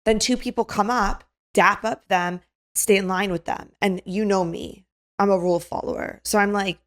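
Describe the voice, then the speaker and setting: A woman's voice: mid-range voice, normal speed. Chatty young woman telling a story. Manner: animated, acts out quotes, filler "like". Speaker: podcast co-host. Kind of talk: casual storytelling chat.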